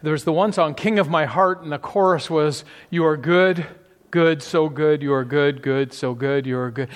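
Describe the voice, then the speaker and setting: A man's voice: on the high side, normal speed, long reverb tail. A man preaching a conversational sermon, asking the listeners rhetorical questions and often restarting his sentences. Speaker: pastor.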